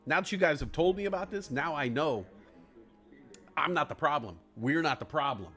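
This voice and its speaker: A man's voice: on the high side, expressive, moderate pace, fairly bright tone, soft background music. A man hosting a live stream, chatting casually with joking, profane rambling. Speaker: stream host. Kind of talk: casual comedic chat.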